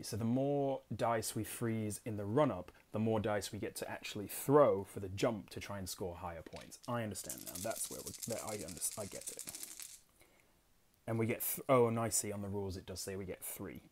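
Low-voiced English man, chatty and self-deprecating. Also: a little mellow, a little hiss or hum. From England. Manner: chatty, self-deprecating, reads rules aloud and muses. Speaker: board game channel host. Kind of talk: casual solo gameplay commentary.

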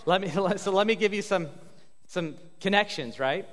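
High-voiced joking pastor in a hall. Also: male voice, fairly bright tone. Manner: upbeat, joking, halting with fillers. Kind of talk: church stage interview. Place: church sanctuary. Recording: long hall reverb.

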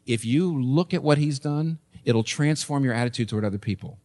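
A man's voice: medium pitch, brisk. Emphatic male pastor preaching. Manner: emphatic, with sudden rises and soft drops. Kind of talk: sermon.

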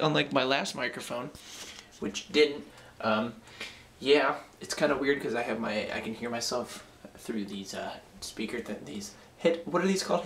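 A man's voice: medium pitch, a bit bright, slight background noise. A young man chatting casually in a rambling, self-mocking way as he vlogs his day at home on a handheld camera. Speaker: vlogger. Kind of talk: casual daily vlog. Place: indoors at home.

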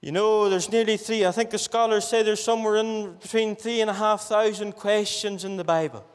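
A man's voice: high voice, fairly even intonation, a little fast, smooth. A man with a Northern Irish accent preaching a fervent gospel sermon, stretching out repeated phrases. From Northern Ireland. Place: gospel hall. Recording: reverberant hall.

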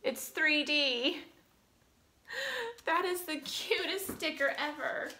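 A woman's voice: high-pitched, slow pace, sharp tone, roomy sound. A woman vlogger opening fan mail in casual chat, gushing and emotional, close to tears.

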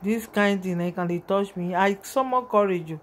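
Speaking with a Nigerian accent at a moderate pace, a woman gives loose, rambling commentary as she walks her viewers through a video in a casual vlog. Her voice is mid-pitched and heavy with emotion, and she keeps turning back to address her audience.

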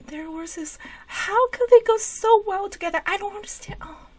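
A woman hosting a music reaction video, talking in an excited, gushing way with lots of fillers and restarts. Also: extremely high pitch, moderate pace. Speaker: reaction channel host. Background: faint music from the reacted video.

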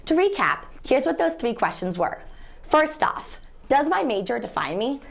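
A woman's voice: sits high, sing-song, normal speed, gravelly. A young woman co-presenting a scripted student TV segment, reading out viewer tweets. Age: young adult. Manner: bright, reads viewer tweets.

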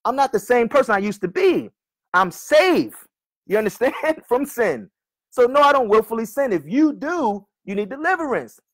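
A male preacher arguing with a commenter online, often calling him brother and reading scripture slowly and repeatedly. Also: very high voice, very animated. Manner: argumentative, keeps addressing "brother", reads verses slowly and repeats them.

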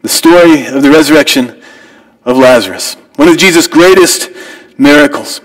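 A man's voice: on the high side, normal speed, low-quality recording. An American man preaching a sermon as pastor, reading scripture and then asking earnest rhetorical questions with rising emphasis. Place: church sanctuary.

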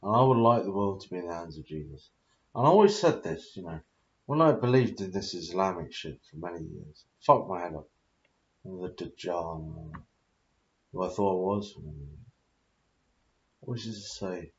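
A man's voice: deep voice, expressive, moderate pace, pauses often, reverberant. A British man in his thirties, talking in a rambling, confused, confessional monologue full of swearing. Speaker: vlogger. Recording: dull lo-fi audio.

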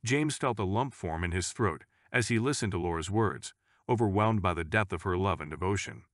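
A man reading a scripted story in a measured, even storytelling manner. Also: deep voice, dry recording, clean studio sound. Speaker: narrator.

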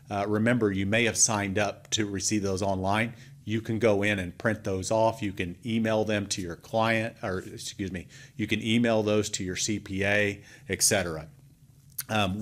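A man who works as a financial advisor, giving his clients a relaxed, conversational update with a few fillers. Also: fairly low pitch. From Oklahoma, US.

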